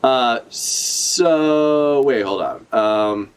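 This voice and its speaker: A man's voice: medium pitch, extremely slow, clear, resonant tone. Profane rambling male streamer. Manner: rambling, profane, self-correcting. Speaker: streamer reacting to a comic chapter. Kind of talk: casual live reaction chat.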